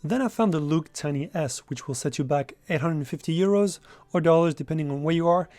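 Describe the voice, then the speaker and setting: A man's voice: a little high, a little fast, a little mellow, dry recording. A young man giving a casual, enthusiastic product review straight to camera.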